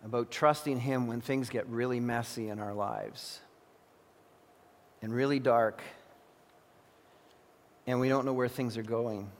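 A man preaching a sermon as pastor, crying out in anguished prayer and then teaching calmly. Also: mid-range voice, measured pace, pauses often. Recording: long hall reverb.

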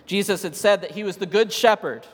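A man's voice: sits high, fairly quick, slightly rough. A man preaching a sermon, retelling scripture in a casual storytelling way and building to emphatic peaks. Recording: long hall reverb.

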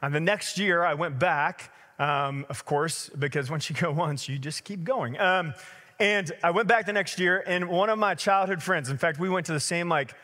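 A man in his thirties preaching a sermon as a pastor, telling stories in a lively conversational way with many fillers. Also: on the high side, normal speed, big-room sound.

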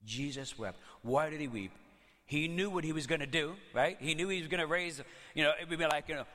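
Animated pastor preaching in a reverberant hall. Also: male voice, on the high side, fast talker. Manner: conversational, animated storytelling with playful asides. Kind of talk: sermon.

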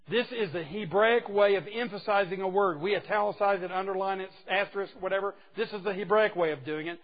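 A man preaching a sermon to a group of men, emphatic and folksy, dropping from loud exclamations to hushed asides. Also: high voice, fairly quick, dull audio. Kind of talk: sermon to a men's gathering.

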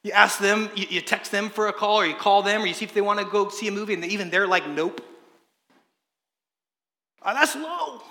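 A man preaching a sermon as pastor, passionate, swinging from loud emphasis to hushed intensity. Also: sits high, fairly quick, pauses often. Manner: passionate preaching, rising and dropping in loudness. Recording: echoey hall reverb.

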